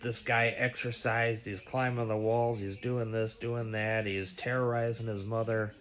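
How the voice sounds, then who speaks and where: A man's voice: fairly low pitch, level tone, unhurried, a bit bright. A man voicing a frantic priest who urgently pleads for help.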